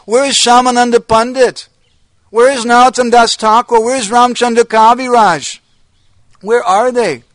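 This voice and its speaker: Give me a man playing an anguished devotee crying out, high-pitched and loud. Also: fairly even intonation, normal speed, no echo, rough recording. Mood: anguished wailing. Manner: wailing, pleading calls. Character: grief-stricken male devotee crying out.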